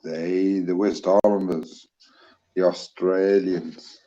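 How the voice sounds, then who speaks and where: A New Zealand man with a low, mellow voice chats at an unhurried pace on a livestream, easygoing and joking as he answers comments. The sound is dull and lo-fi. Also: flat delivery. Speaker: livestream co-host reading chat. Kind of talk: casual livestream chat.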